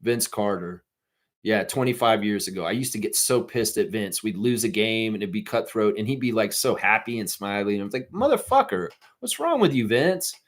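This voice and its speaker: A man's voice: lowish voice, steady tone, brisk. A middle-aged man hosting a live fan stream, ranting profanely and reading out chat messages.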